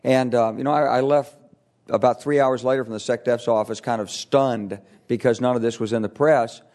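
An older man, a retired military officer, giving a lively anecdotal talk on stage, acting out the voices of people he quotes. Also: mid-range voice, moderate pace. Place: stage before an audience.

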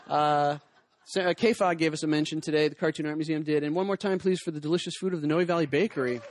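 A man's voice: fairly high pitch, fairly even intonation, fairly quick, a little hiss or hum. A middle-aged man doing stand-up comedy on stage, rambling with self-deprecating asides and bantering with the audience. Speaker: comedian and cartoonist. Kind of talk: stand-up comedy with crowd work. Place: small hot venue with a spotlight.

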